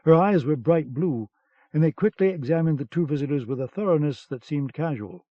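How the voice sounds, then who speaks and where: A man narrating a novel in a steady, measured way for an audiobook. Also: fairly high pitch, no echo. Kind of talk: scripted narration. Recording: dull cassette-era audiobook sound.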